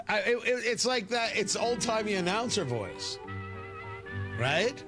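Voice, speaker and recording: A man's voice: high voice, very animated, slow pace, music in the background. A man hosting a morning radio show, joking and rambling in a casual way. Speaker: radio host.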